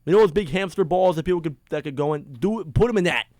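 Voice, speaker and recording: Talking fast with a slightly high, lively voice and no echo, this young man hosts a sports podcast and rants casually like a fired-up fan. His headphones and close mic give a dry sound, and he shifts between loud, exasperated complaints and heated, mumbled asides.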